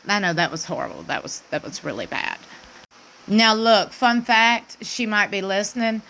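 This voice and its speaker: A woman's voice: medium pitch, lively intonation, moderate pace, a bit bright, rough recording. A woman, chatting to her viewers in gushing, repetitive commentary with folksy asides. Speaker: celebrity gossip vlogger.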